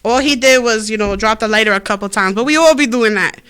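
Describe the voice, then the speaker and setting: Animated New woman podcast host. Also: a little high, fast, smooth. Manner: loud laughing storyteller, acts out dialogue. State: high, a little out of breath. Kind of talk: casual stoner chat.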